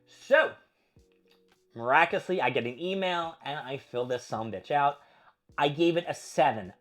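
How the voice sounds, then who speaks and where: A man's voice: a little high, expressive, normal speed, a bit bright, soft background music. A young man hosting his own vlog, ranting in a profane, exasperated, casual monologue. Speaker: vlog host.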